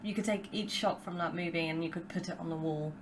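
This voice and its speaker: A woman's voice: lowish voice, fairly even intonation, quick pace, background noise. Rambling British woman, podcast guest. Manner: rambling, full of "like" and restarts. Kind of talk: casual chat.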